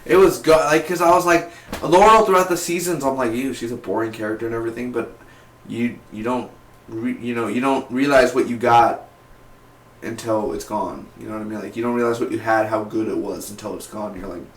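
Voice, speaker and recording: Excitable slangy young man reviewing TV. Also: medium pitch, moderate pace, slight background noise. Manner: excitable, slangy, says "man" and "dude" a lot. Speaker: TV episode reviewer. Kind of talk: casual review vlog. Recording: roomy echo.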